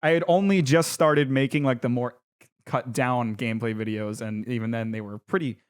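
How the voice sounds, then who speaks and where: A young man from the United States hosting a casual podcast chat, laughing easily and filling pauses with fillers. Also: mid-range voice, fairly even intonation, smooth. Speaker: podcast host.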